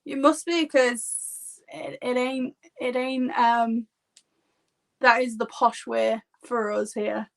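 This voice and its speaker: On a live stream, a woman in her thirties with a Yorkshire accent works as a makeup artist and talks in a rambling, chatty way, leaning heavily on "like." Her voice is on the high side, creaky, and slow, with a flat delivery.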